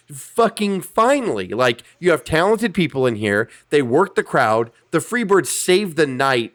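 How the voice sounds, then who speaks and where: A man hosts a casual podcast, his voice sitting a bit high and swinging widely in pitch. He talks emphatically and swears freely as he reviews matches. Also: fairly bright tone. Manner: profane, emphatic, acts out quotes. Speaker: podcast host. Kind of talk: casual wrestling review chat.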